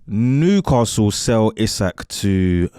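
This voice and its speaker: A man's voice: lowish voice, big pitch swings, takes it slowly, mellow, slight background noise. A man, co-hosting a football chat show, quizzing and arguing back with a laugh. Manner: questioning, laughing, argumentative. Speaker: podcast co-host. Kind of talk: casual banter.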